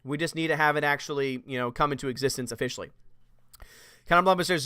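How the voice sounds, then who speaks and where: A man's voice: mid-range voice, normal speed, pauses often, sharp tone, clean tone, dry recording, clean studio sound. A man hosting a casual livestream chat, reading viewer comments aloud and answering them with frequent laughs. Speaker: host.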